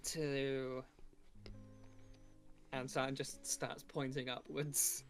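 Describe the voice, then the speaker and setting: Friendly higher-voiced male player. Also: flat delivery, normal speed, soft background music. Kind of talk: casual chat in a tabletop game.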